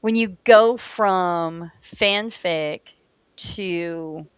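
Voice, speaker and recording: A woman host who speaks slowly and smoothly, nudging her guest along with warm murmurs of agreement. Her voice is clean and dry, close to the mic. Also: lowish voice, no echo. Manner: encouraging, lots of affirming murmurs. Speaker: interview host. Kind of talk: casual interview chat.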